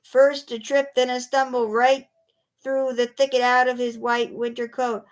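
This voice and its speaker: Woman storyteller, slightly high voice, playful children's book read-aloud. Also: a little slow. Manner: animated, playful rhyming delivery with lively voices for the animals.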